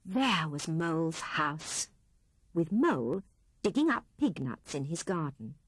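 A woman reading a children's story aloud in an expressive storytelling manner. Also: low-pitched, slow, slightly rough, dry recording. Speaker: audiobook reader. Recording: 1970s cassette audiobook, dry studio.

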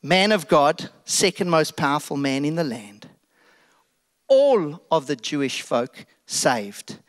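A middle-aged South African pastor with an animated, casual, jokey storytelling sermon manner. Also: male voice, fairly high pitch, slow.

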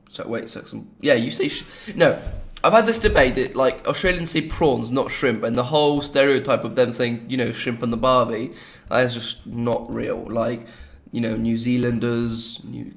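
Brief: young English-accented man, mid-pitched, a chatty rambling gaming host who drifts into jokes. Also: vocal fry. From England. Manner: rambling, chatty, jokey asides. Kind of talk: casual gameplay commentary.

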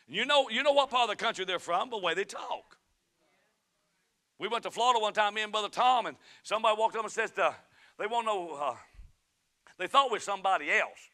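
Southern pastor, middle-aged man, high clear voice, shouts then drops to quiet storytelling. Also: fairly quick. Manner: swings between shouted fervent preaching and quiet storytelling. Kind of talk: sermon. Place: church sanctuary.

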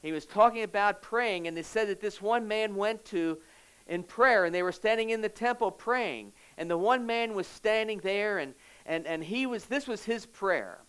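A male pastor delivers a conversational sermon in a church sanctuary. His voice sits high and sounds smooth and resonant. He talks earnestly and often repeats phrases for emphasis. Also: normal speed, a bit bright, poor audio. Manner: earnest, conversational preaching with repetitions.

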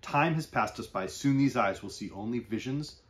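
A man's voice: medium pitch, animated, moderate pace, fairly bright tone, lightly acted. A man reading as Merid, an eager old philosopher. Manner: eager, insistent questioning.

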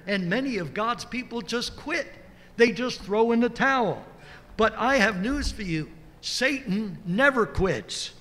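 Slow, high-voiced preaching pastor. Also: male voice, fairly bright tone. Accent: American. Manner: earnest, emphatic preaching with scripture quotations. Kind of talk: sermon. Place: church sanctuary. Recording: church sanctuary with long reverb.

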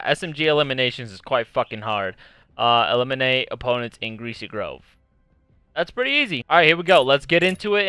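A young man giving casual, excitable gameplay commentary as a gaming YouTuber, swearing constantly and shouting when hyped. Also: medium pitch, clean tone, dry recording.

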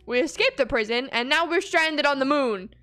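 Squealy excitable woman, lively high voice. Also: moderate pace. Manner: excitable, squealing and gasping at each obstacle. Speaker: gaming video creator. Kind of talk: playthrough commentary.

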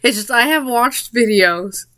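Giggly bright-voiced woman vlogging. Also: on the high side, a little slow, no room sound. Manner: giggly, breaks into laughter mid-sentence; rambling, with fillers and restarts. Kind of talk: casual spoken monologue.

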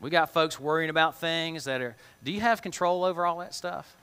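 A man's voice: on the high side, fairly quick, pushed and bright, clean tone. A man teaching a children's Bible lesson in a chatty way, often asking the kids questions and using plain, slangy words. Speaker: kids' church teacher. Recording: long reverb of a large hall.

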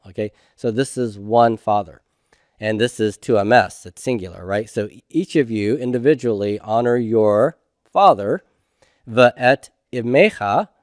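A man's voice: mid-range voice, a little mellow, smooth, no room sound, studio quality. A man teaching a homework review lecture, patiently asking questions and answering them himself. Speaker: Hebrew instructor.

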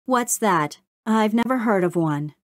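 A woman's voice: mid-range voice, lively intonation, unhurried, dry recording, studio quality, voice pushed up, lightly acted. A woman voicing a curious, anxious young male beaver in a storybook reading.

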